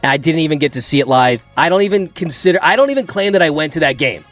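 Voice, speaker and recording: Animated middle-aged man telling stories. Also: quick pace, soft background music. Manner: animated, acts out his own past outbursts in a higher voice. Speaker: sports podcast host. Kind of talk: casual storytelling chat.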